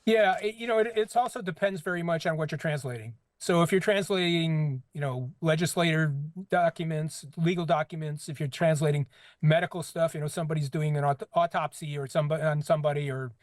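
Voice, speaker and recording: Measured man with a slightly higher voice. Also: no echo. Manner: measured and analytical, with light hesitations. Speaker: guest co-host. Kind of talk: casual tech news chat.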